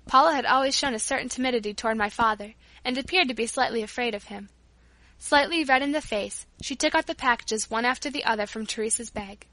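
Woman, audiobook narration, measured storytelling, bright tone, fairly high. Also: no room sound. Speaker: audiobook reader. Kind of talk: scripted narration.

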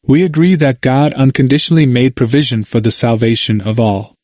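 A man giving a formal, measured reading of a church committee report, announcing each numbered point before its text. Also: medium pitch, steady tone, darkish tone, no echo, clean studio sound.

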